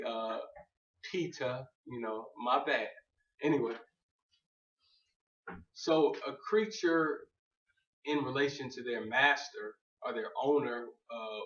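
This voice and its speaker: A man giving a casual faith talk to a group. He jokes, goes off on tangents and keeps asking "you know what I'm saying". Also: medium pitch. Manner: loose, joking, goes on tangents. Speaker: speaker on faith. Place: room with an audience. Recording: echoey room, distant, dull.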